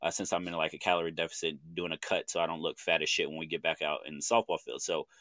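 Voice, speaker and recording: A man in his thirties from Oklahoma, speaking with an Oklahoma accent, co-hosts a podcast and tells a story in animated, casual, slangy talk, acting out what people said. He has a bass voice and talks fast, and the recording is dry.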